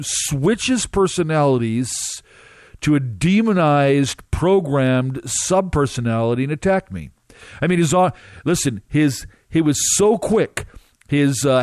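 A man recounting a dramatic first-person testimony as a minister, emphatic and halting, with drawn-out pauses. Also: on the high side, a little mellow, dry recording, studio quality.

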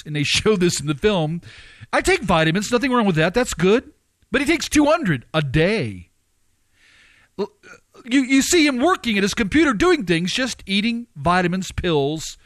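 A man preaching and commenting, firing off rhetorical questions with his pitch swinging up and down. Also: fairly bright tone, dry recording.

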